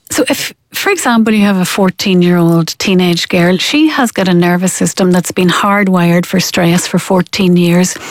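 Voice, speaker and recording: A woman's voice: medium pitch, no room sound. A woman, a parenting expert explaining her methods in an interview, acting out the parents she quotes. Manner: animated, acts out quoted parents.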